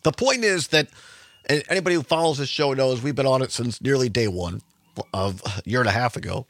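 A man's voice: mid-range voice, fairly quick, fairly bright tone, dry recording. Radio talk guy, opinionated, punchy delivery, mid voice, dead dry studio. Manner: emphatic, conversational, with occasional self-corrections. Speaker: radio talk show host.

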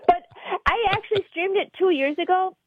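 Giggly woman comedian guest, high voice, rambling radio chat. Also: normal speed, no echo, muffled recording.

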